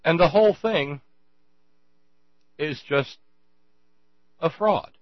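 A man's voice: fairly high pitch, slow, dry recording, dull audio. A man hosting a show, rambling sarcastically in casual commentary, stumbling over restarts.

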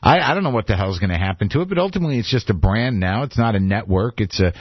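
A man's voice: on the low side, expressive, racing, slightly rough, dry recording. A man hosting a call-in radio talk show, rambling and self-deprecating in a conversational way. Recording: dull lo-fi radio broadcast.

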